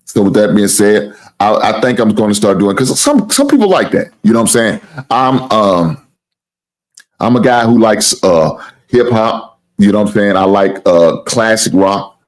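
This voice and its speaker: Unhurried and deep-voiced, a sports talk show host runs a casual live sports stream. His relaxed, loose delivery rambles and circles around, with casual swearing and constant plugs for his channel.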